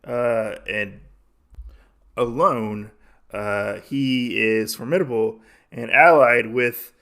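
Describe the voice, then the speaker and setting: A man's voice: medium pitch, slow, vocal fry, pushed and bright. Casual rambling podcast recap guy. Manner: rambling, many fillers. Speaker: podcast host.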